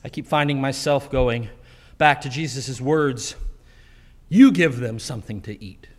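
A man preaching a sermon in a church, telling the story with animated delivery and acting out the quotes. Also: mid-range voice, measured pace. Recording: long hall reverb.

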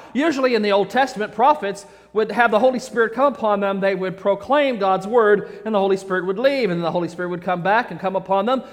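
Playful male preacher, high voice, jokey asides, echoey church hall. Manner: playful, acts out the characters. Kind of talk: sermon with humorous asides.

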